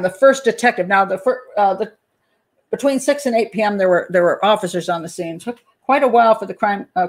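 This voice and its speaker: A woman hosting a true-crime channel, analysing a case in a casual, animated way, pausing to check her notes and acting out people's reactions. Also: mid-range voice. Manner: animated, talks to herself while checking notes, acts out panicked parents. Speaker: criminal profiler and channel host.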